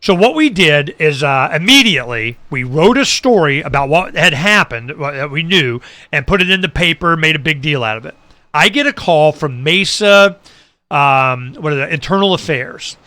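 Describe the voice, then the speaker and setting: A middle-aged man hosting a talk show, telling a long story in casual chat, animated and dropping low for asides. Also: moderate pace, no room sound. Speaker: radio show host.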